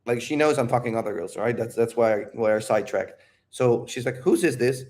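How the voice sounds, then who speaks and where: A man's voice: medium pitch, fairly quick. A man coaching on dating in a live Q&A, talking casually with lots of swearing, tangents and self-interruptions. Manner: profane, animated, rambling with self-interruptions. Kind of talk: casual livestream talk.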